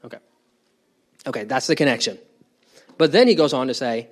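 A man's voice: medium pitch, lively intonation, brisk, pauses often. A man leading a bible study, explaining a passage in a conversational way and putting questions to his group. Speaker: bible teacher.

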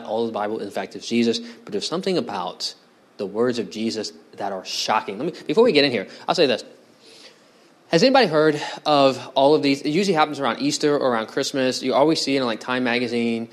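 A man preaching a conversational sermon at an ordinary pitch. He keeps putting questions to his congregation and pushing them to answer. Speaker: pastor. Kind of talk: expository sermon.

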